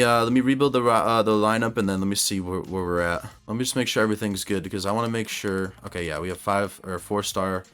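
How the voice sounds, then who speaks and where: A gaming YouTuber, a young man with a lowish voice, comments on his own basketball video game. He talks to the players on screen and shouts whenever plays go his way.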